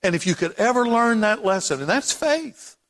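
High-voiced preacher in a ringing hall. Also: male voice, very animated, moderate pace, a bit bright. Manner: impassioned preaching, rising to emphatic repetition. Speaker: pastor. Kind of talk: sermon. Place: church sanctuary. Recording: long hall reverb.

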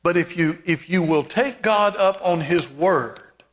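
A man preaching a sermon as pastor, emphatic, with repeated calls and rising shouts. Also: high-pitched, measured pace, in a large hall.

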